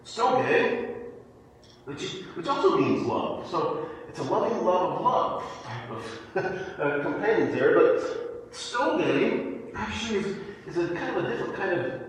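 Animated preacher in an echoey hall. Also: male voice, high voice, slow, a little hiss or hum. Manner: animated teaching with frequent restarts and repeated words. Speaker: pastor. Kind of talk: sermon. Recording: echoey hall, voice from far off the mic.

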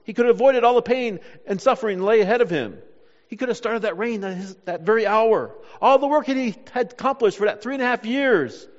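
A man preaching a sermon in a church. He preaches dramatically, pausing on key words and acting out the voices he quotes. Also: high voice. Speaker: pastor. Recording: dull sound, long hall reverb.

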